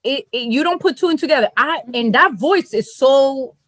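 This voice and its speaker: A young New woman tells a story on her podcast, animated and salty, laughing as she goes. Her voice sits high in her range. The sound is dry and close, with no room around it. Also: moderate pace, no echo. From New York. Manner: animated, profane, laughs often. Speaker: podcast co-host. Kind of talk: casual chat, storytelling.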